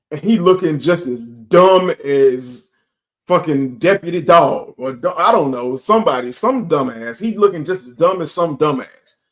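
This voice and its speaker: A young man, telling a profane, animated story as a sneaker channel host and acting out both sides of an argument. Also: a little high. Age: young adult. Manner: profane, animated storytelling with quoted back-and-forth. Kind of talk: casual storytime rant.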